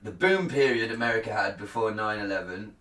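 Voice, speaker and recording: A man co-hosting a casual chat, sweary and animated when telling stories, recorded in a roomy space from some distance. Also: on the low side, fairly quick, slight background noise. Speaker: podcast co-host. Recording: roomy, far from the mic.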